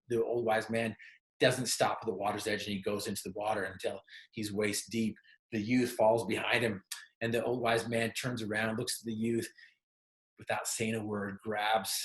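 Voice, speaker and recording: Emphatic male motivational speaker. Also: on the low side. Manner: emphatic, asks the audience questions directly. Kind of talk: motivational storytelling talk. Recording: roomy echo.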